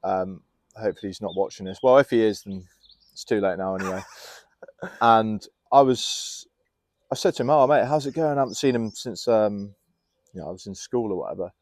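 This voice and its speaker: Low-voiced young man telling candid stories. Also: brisk, no room sound. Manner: candid, animated storyteller who laughs easily. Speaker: health and fitness coach, guest. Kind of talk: casual podcast conversation. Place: outdoors in a garden.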